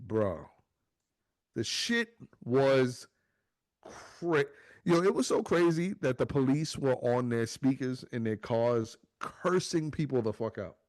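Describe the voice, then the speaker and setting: A man's voice: mid-range voice, animated, takes it slowly, darkish tone, no echo, studio quality. A man hosting a podcast who tells a story in casual, profane speech and acts out the voices in it. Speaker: podcast host.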